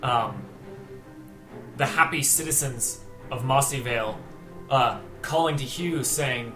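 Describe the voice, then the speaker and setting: A man's voice: mid-range voice, takes it slowly, music in the background. A man narrating a tabletop game as game master, describing scenes with many fillers. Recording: echoey room.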